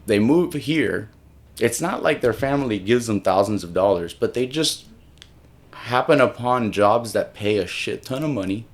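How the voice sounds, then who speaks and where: A young man from Miami, Florida, rambles casually on camera as a solo video host, switching between English and Spanish. He restarts often and swears a bit, in a lowish, expressive voice at normal speed.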